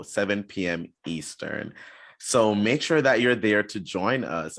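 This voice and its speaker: A man's voice: fairly low pitch, a bit bright. A man from Jamaica with a Jamaican accent, co-hosting a livestream and announcing upcoming shows. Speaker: co-host.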